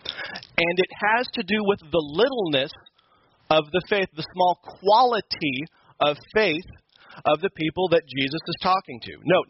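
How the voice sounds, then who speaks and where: A man teaches a Sunday school lesson, explaining scripture in an emphatic, conversational manner. His voice is fairly high, and the recording has its highs cut off plus a little hiss or hum.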